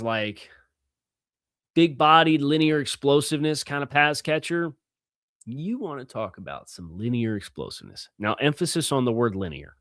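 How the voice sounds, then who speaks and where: A man's voice: fairly high pitch, fairly bright tone, no room sound, studio quality. Man hosting a football podcast. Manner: conversational, fillers and restarts, stresses key words. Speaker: podcast host. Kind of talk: sports analysis podcast with host-read ads.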